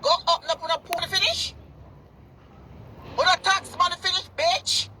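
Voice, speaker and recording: A woman's voice: extremely high pitch, fairly even intonation, normal speed, sharp tone, a little hiss or hum, rough recording. A Jamaican woman in a heated, cursing rant, repeating herself as she talks outdoors. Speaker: vlogger. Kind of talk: angry profane rant.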